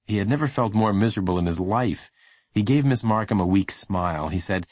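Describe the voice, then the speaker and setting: Low-voiced male audiobook narrator, lively delivery, dry close sound. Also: a little fast, dry recording. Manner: expressive storytelling.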